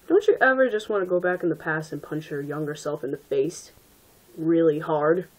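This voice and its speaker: A woman's voice: sits low, normal speed, rough recording. A woman reading bad fan fiction aloud and breaking off with sarcastic asides and laughter. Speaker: reader and commentator.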